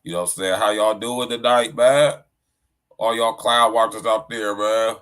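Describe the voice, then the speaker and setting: A man's voice: fairly low pitch, fairly even intonation, moderate pace, fairly bright tone, smooth. A middle-aged man hosting a podcast livestream in a casual, slangy chat style, often saying "you know what I'm saying.". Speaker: podcast host.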